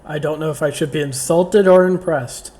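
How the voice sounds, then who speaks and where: A man's voice: a little high, steady tone, moderate pace, a little mellow. A man playing a tabletop game who makes dry, teasing jokes in character. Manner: dry, joking. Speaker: player.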